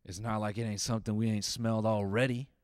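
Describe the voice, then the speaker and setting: A man's voice: fairly low pitch, flat delivery, quick pace, clean tone, no room sound, clean studio sound. A man hosting, riffing on viewer clips in wry, rambling comedic commentary full of fillers and restarts. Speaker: comedian host reacting to clips.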